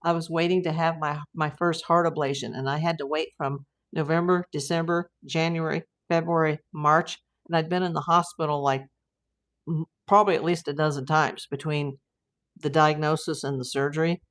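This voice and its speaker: A woman's voice: low voice, fairly even intonation, moderate pace. A middle-aged American woman hosting a casual livestream, rambling through viewer comments with lots of fillers and restarts. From United States. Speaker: private investigator livestream host.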